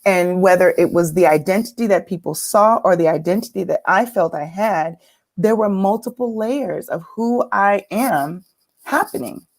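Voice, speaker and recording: A woman's voice: mid-range voice, normal speed. A woman from California, telling a personal story as a guest speaker in a reflective, earnest way. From California, United States. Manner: reflective, earnest, with some laughter.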